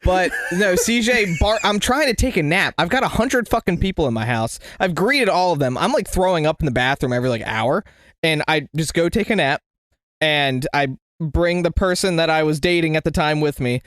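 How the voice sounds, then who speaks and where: Animated high-voiced man telling a story. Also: normal speed, no room sound, clean studio sound. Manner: animated, swearing, laughing through stories. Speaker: podcast co-host. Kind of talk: casual storytelling among friends.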